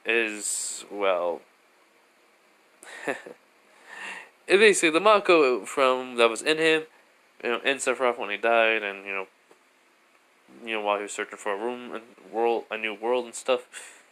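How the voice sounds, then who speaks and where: A man's voice: mid-range voice, animated, a little slow, long pauses, bright, forceful tone, smooth. A man casually improvising a fan story, rambling with lots of fillers and restarts.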